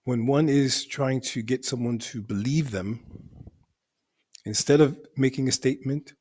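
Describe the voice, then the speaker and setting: A man's voice: medium pitch, measured pace, a little mellow. A male teacher explaining the grammar of an Arabic poem line by line, in a methodical way that repeats and rephrases for emphasis.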